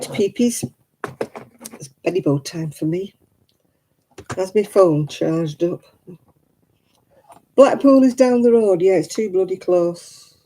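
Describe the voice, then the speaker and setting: Knitting on a casual craft livestream, a middle-aged woman chats candidly and laughs a lot. She has a warm, fairly low voice, heard through poor audio.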